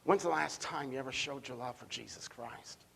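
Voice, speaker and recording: A male pastor preaching a sermon in church, emphatic and given to repeating words, swinging between loud stresses and hushed asides. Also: mid-range voice, moderate pace, creaky, slightly rough, big-room sound. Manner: repeats words when building a point. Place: church sanctuary.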